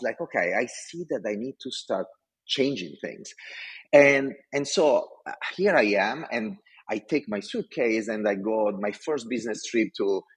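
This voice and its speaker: A man's voice: medium pitch, breathy edge. A middle-aged Italian man with an Italian accent, telling a story in an interview with passion. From Italy. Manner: passionate, animated storytelling with acted-out quotes. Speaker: guest, design executive.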